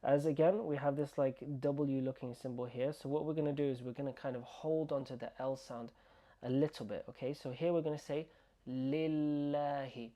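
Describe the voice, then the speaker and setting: A man teaching an online language lesson, slowly repeating words and sounds for the learner to copy. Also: medium pitch, fairly even intonation, dark tone. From United Kingdom. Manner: slow, repeating words and sounds to drill pronunciation. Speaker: Arabic teacher.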